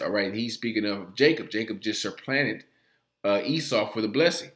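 A man's voice: fairly low pitch, moderate pace, a bit bright, roomy sound. A man preaching and teaching from scripture, filling almost every phrase with "all right" and often stammering and restarting. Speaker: religious teacher.

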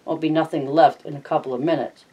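A reader voicing Slim, a calm, dignified ranch man in a read-aloud of a novel. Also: mid-range voice, fast, breathy edge, dull audio, close to an everyday voice.

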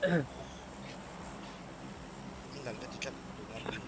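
A young man from Northeast India streaming a mobile shooter, chatting with teammates and switching languages, now and then bursting into excited shouting. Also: mid-range voice, unhurried. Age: young adult. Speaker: game streamer. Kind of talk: live gameplay chat with teammates. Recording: noisy stream audio.

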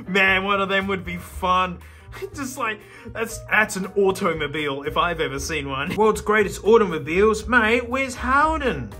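An excitable Australian man talks casually, laughing often, with a very lively, up-and-down voice. His tone is bright and forceful. There is faint music playing behind him. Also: high-pitched, slow. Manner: laughing, excitable, jokey asides. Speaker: YouTube host. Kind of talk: casual commentary while flipping through an old car magazine.

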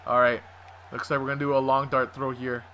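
A man giving excited let's-play commentary over a wrestling video game, swearing often and yelling at what happens on screen. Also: mid-range voice, fairly quick. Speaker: gaming commentator.

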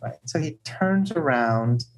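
Husky, animated man telling stories. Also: mid-range voice, takes it slowly, poor audio. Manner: animated storyteller who often asks "right?". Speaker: guest speaker. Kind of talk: storytelling talk.

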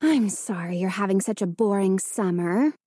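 A woman voicing a busy mother in a storybook reading, brisk and scolding. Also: medium pitch, expressive, dark tone, husky, dry recording, clean studio sound. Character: busy mother, stern but caring.

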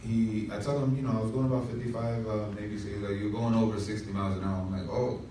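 A man's voice: fairly low pitch, level tone, quick pace, warm tone, a little hiss or hum. A man pastor telling a humorous story in a sermon, with asides to the congregation. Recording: echoey room from far off.

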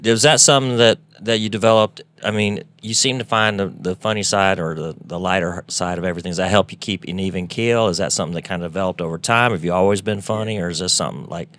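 Quick deep-voiced interview host. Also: male voice, steady tone, a bit bright, no echo. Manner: curious, friendly questioner. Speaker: podcast host. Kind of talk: interview questions.

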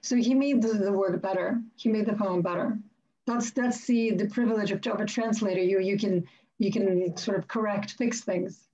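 A woman's voice: medium pitch, steady tone, normal speed, warm tone. A woman poet hosting a reading over a video call, chatty and laughing, often repeating words before she reads a poem aloud. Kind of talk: casual poetry reading. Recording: dull lo-fi video call audio.

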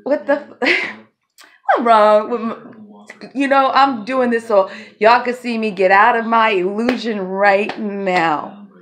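A woman's voice: fairly high pitch, slow, fairly bright tone, a little hiss or hum. A woman vlogger talking to camera in a loose, rambling way, laughing often and swearing freely. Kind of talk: casual rambling monologue to camera.

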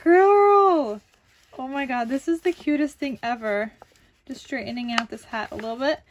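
High-voiced woman gushing over crafts. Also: brisk, lo-fi sound. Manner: gushing, exclaims often. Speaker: crafting channel host. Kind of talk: unboxing vlog.

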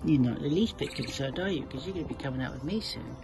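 A woman's voice: a bass voice, expressive, quick pace. A woman who breeds budgies, chatting casually in her aviary and cooing fondly to the birds. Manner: coos affectionately to her birds. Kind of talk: casual vlog narration. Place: outdoor aviary with chirping budgies. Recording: loud bird chatter behind. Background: loud budgie chirping.

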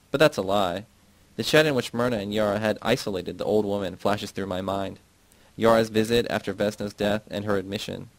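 A man narrates a first-person novel in a plain, steady read. His voice sits low, recorded close and dry. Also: brisk, no room sound, rough recording. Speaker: audiobook reader.

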